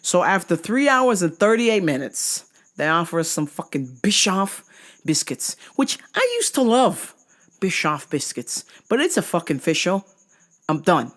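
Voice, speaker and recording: A woman's voice: fairly low pitch, a little slow. A woman hosting her own vlog, telling a travel story as an exasperated, profanity-laced rant. She stretches out words for emphasis. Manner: profane, exasperated, animated retelling. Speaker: vlog host.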